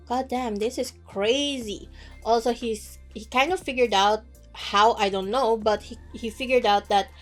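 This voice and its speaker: A young woman casually retelling a story while drawing, chatty and animated, acting out the characters' lines. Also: fairly high pitch. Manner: chatty, animated retelling with fillers and acted quotes. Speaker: webcomic artist recapping a novel. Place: home studio, drawing at desk.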